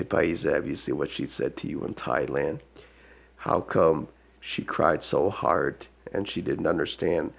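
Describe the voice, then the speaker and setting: Man, low gravelly voice, rambling taunting monologue, keeps saying "duh". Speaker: self-proclaimed shaman.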